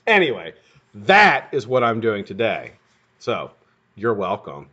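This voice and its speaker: A man hosting a live stream from home, talking in a low voice that swings widely in pitch. He banters casually, swears freely and brags in jest. The audio is dull and lo-fi. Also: wildly swooping pitch, unhurried, pushed and bright, breathy edge. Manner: profane, joking, boastful banter.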